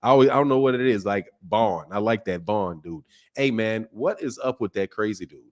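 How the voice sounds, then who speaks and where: A middle-aged man hosting a boxing live stream, chatting casually with viewers while he keeps his slightly strained voice soft. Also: lowish voice, fairly quick. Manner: greets chat viewers by name, loose and joking. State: slightly strained voice, speaking softly. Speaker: boxing channel host.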